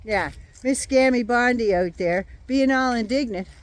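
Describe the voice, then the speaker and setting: A woman's voice: fairly high pitch, unhurried. An older woman with a runny nose from a cold, ranting bluntly and sarcastically about politics and swearing freely. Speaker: vlogger. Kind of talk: casual political rant.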